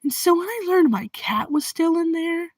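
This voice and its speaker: A young woman telling a storytime vlog in a rambling way, with laughing asides and hushed whispered remarks. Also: extremely high pitch, lively intonation, moderate pace, no echo, poor audio. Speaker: vlogger.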